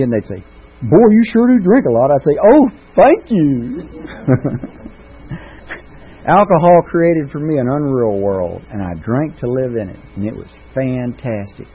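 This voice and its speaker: A man's voice: medium pitch, slightly rough. Man telling his recovery story, tinny sound. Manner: folksy storytelling with self-mocking humor. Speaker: recovery speaker. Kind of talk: recovery meeting testimony. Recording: tinny phone-like recording with faint noise.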